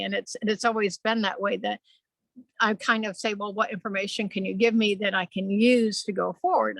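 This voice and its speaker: A woman on a video call sharing a spiritual experience, rambling and animated, with playful asides. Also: mid-range voice, gravelly, no echo, poor audio. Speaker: spiritual channeler.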